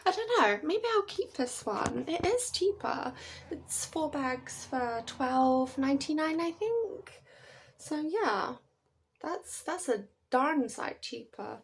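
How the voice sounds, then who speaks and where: A woman's voice: high-pitched, sing-song, takes it slowly, slight background noise. A British woman chatting to camera at home in a rambling, chatty way, laughing often. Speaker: vlogger. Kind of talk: casual chat to camera.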